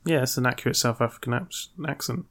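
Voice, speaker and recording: A man's voice: medium pitch, quick pace, a bit bright. A man co-hosting a podcast, answering in short, dry and teasing remarks. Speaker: podcast co-host. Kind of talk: casual chat.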